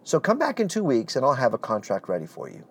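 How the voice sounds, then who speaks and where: A man voicing a calm, insistent woman who runs a school and speaks in a matter-of-fact, unshakably sure way. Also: mid-range voice, fast, husky, exaggerated voice. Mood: firm.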